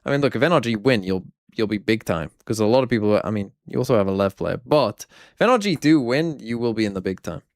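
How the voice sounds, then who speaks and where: A man's voice: fairly low pitch, animated, fast talker, hardly any pauses, dry recording, clean studio sound. A man streaming, casually reviewing viewers' fantasy teams in a wry, blunt way, thinking aloud. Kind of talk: casual livestream commentary.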